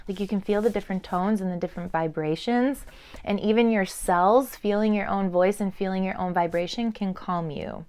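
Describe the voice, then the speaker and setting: A woman in her thirties doing an intuitive oracle card reading to camera, chatting in a meandering way with fillers, and sometimes dropping to soft murmurs. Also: mid-range voice, moderate pace, smooth. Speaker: tarot and oracle card reader.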